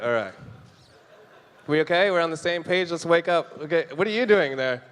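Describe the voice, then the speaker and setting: A man's voice: on the high side, fairly quick, a bit bright, clean tone. Young man doing stand-up in a hall. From Canada. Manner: jokey, talks to the crowd, acts out quoted voices. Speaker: stand-up comedian. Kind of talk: stand-up comedy set. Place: comedy club stage. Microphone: handheld stage mic. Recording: live room with long reverb.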